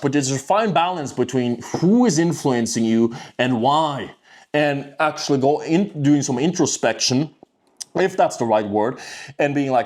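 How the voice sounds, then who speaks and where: A man's voice: fairly high pitch, a little mellow. A man talking off the cuff in a motivational monologue, blunt and emphatic, swearing and often checking in with "right?". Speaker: self-improvement video host.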